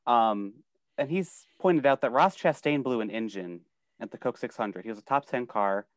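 A man's voice: medium pitch, normal speed, no room sound, studio quality. A man co-hosting a podcast, ranting casually with lots of "like". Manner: animated, frustrated ranting with frequent "like". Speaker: podcast co-host. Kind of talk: casual chat.

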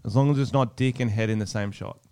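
A man's voice: lowish voice, quick pace, a little mellow. Profane, ranting man. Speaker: podcast co-host. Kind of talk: casual chat.

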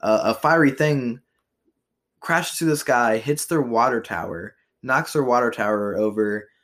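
A man's voice: mid-range voice, measured pace, a bit bright. A young man hosting a podcast, chatting loosely about history trivia with frequent fillers and profanity. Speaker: podcast host.

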